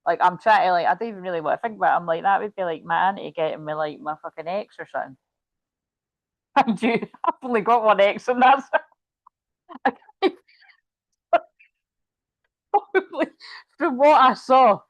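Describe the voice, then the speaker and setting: A woman's voice: lowish voice, animated, moderate pace, pauses often, no echo, poor audio. A middle-aged woman, chatting casually through a tarot reading. She rambles, giggles, swears and goes off on asides, and she sounds tired. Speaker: tarot reader.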